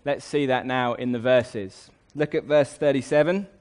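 A man preaching a sermon, emphatic, slowing down to stress key words. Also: medium pitch, a little mellow.

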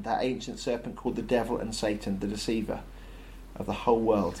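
A man's voice: mid-range voice, fairly even intonation, brisk, dark tone. A man giving a conversational sermon full of ums and uhs. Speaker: preacher.

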